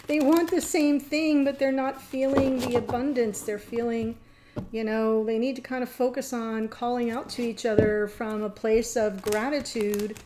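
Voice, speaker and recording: A woman's voice: a little high, fairly even intonation, a little slow, noisy background. A middle-aged woman giving a casual tarot reading to camera, chatty and meandering, often laughing and getting emotional. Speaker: tarot reader.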